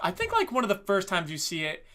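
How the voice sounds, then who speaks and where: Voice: medium pitch, huge pitch swings, fast talker, bright, forceful tone. A podcast co-host in casual anime review chat, swearing freely and mockingly acting out scenes.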